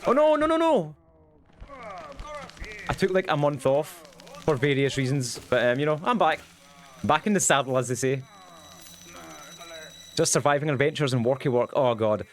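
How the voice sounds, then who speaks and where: A young man chatting casually while streaming a game, goofy and quick, with lots of ums. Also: medium pitch. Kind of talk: casual livestream chat while gaming.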